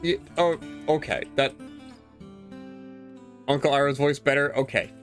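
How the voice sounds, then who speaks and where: A man's voice: medium pitch, fairly even intonation, measured pace, soft background music. A man streaming himself reading a visual novel aloud, chatty, swearing casually and reacting to the story.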